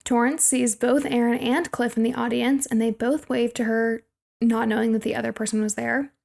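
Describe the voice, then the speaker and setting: Chatty young woman with a gravelly edge. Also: on the high side, little pitch movement, normal speed, a little mellow. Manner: chatty, laughs often, recaps plot scenes. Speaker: podcast co-host. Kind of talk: casual movie recap chat.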